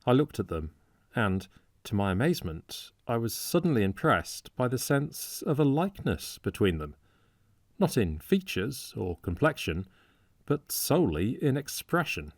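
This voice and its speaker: A man reading a classic novel as an audiobook in a measured, steady storytelling manner, recorded on a close studio microphone. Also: medium pitch, no room sound. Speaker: audiobook reader. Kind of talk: scripted narration of a classic novel.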